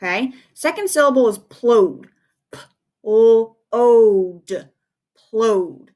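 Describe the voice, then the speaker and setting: Young female teacher for a kids' phonics video; unhurried, patient, sing-song delivery. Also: mid-range voice, lively intonation, fairly bright tone. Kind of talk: remote phonics lesson for young children.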